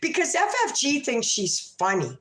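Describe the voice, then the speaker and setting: A woman's voice: fairly high pitch, huge pitch swings, moderate pace, a bit bright, reverberant. A woman hosting a late-night livestream, chatting in a rambling, profane and gossipy way. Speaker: livestream host.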